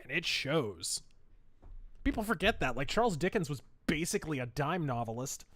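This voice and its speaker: A man's voice: on the high side, big pitch swings, moderate pace, fairly bright tone, dry recording. A man live-streaming a shooter game, chatting bluntly and swearing as he plays and answers viewers. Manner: profane, blunt, laughs easily. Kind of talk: casual live-stream chat while gaming.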